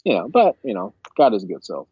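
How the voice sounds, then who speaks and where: A man's voice: on the low side, fairly quick. A young man from Ghana with a Ghanaian accent, telling his story as an interview guest with lots of fillers. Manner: animated storyteller, many fillers. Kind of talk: casual interview chat. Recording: dull lo-fi dry sound.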